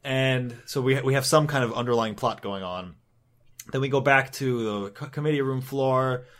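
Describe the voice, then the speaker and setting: A man's voice: medium pitch, normal speed, a bit bright. A man co-hosting a podcast, recapping a comic in casual, rambling chat, swearing often and acting out the characters' lines. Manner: rambling, swears, acts out quotes. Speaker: podcast co-host.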